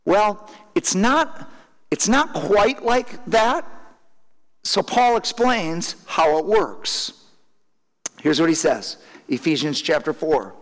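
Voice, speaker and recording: Hall-echoing male preacher, halting delivery. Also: high voice, expressive. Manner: halting, repeats words, laughs now and then. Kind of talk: sermon.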